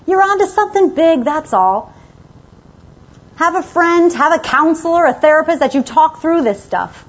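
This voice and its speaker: A woman's voice: sits high, expressive, normal speed, muffled recording. A woman giving a motivational talk to a live audience, emphatic and exhorting, with short commands she often repeats. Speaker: motivational speaker.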